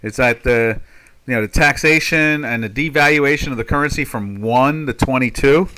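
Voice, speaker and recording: A man's voice: mid-range voice, normal speed, sharp tone, slight background noise. A man in his sixties giving rambling, folksy live trading commentary with sarcastic asides from a home trading desk. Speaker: market commentator.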